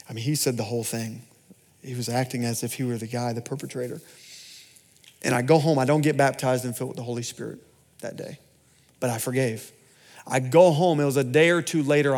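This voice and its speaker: A man preaches in a church, telling his own story. His delivery swings from loud, driving phrases to hushed, almost whispered asides. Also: medium pitch. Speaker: pastor. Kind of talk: sermon testimony.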